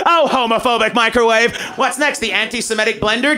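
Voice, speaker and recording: A male stand-up comedian on a live stage, talking fast and swearing a lot, with shouted punchlines. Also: high-pitched, over a noisy crowd, very noisy.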